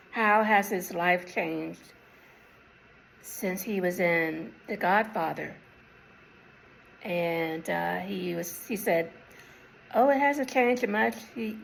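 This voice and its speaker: A woman in her sixties speaks to camera in a relaxed, unhurried way, her voice gravelly with a touch of fry. She pauses often to remember details. Her pitch sits in a middle range. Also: slight background noise, poor audio. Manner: unhurried, reflective, pausing to recall details. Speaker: vlogger. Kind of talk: casual personal storytelling.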